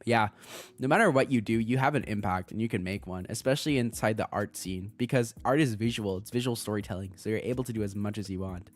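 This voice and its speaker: A young man chatting casually on a livestream as a VTuber streamer, excitable, laughing often and swearing freely. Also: lowish voice, fast, faint music behind.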